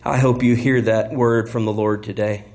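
A man's voice: fairly low pitch, fairly even intonation, moderate pace, a little mellow. A man preaching a sermon in a church, acting out the characters as he explains a parable. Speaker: pastor.

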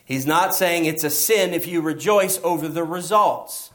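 A man's voice: a little high, a little slow, fairly bright tone. A man preaching a sermon as pastor, emphatic and asking his listeners rhetorical questions.

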